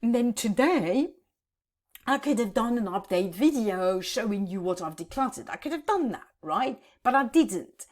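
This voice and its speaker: A woman in her fifties talks to camera from her home office, halting and close to tears as she vlogs. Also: fairly high pitch, animated. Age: 50s. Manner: halting, repeats words, tearful. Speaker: decluttering vlogger. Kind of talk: emotional vlog to camera.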